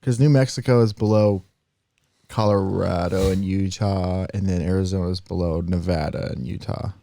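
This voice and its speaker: A man's voice: low-pitched, steady tone, normal speed, gravelly, dark tone. A man co-hosting a podcast in casual chat, rambling through explanations and breaking into accent demonstrations. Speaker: podcast co-host.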